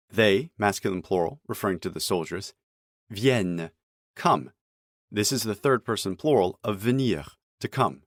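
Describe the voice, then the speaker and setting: A man calmly explaining text line by line as a language teacher, in scripted narration with careful, clear pronunciation of examples. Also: lowish voice, no echo, clean studio sound.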